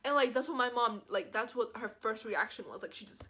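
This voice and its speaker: A young woman vlogger telling a personal story in a casual, animated way, filling her speech with "like". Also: on the high side, fairly quick. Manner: animated, says "like" constantly. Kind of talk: storytime vlog.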